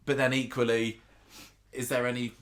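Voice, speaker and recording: A man's voice: mid-range voice, flat delivery, normal speed. A man co-hosting a casual podcast, rambling and thinking aloud with restarts. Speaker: podcast co-host. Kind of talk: casual chat about a TV soap.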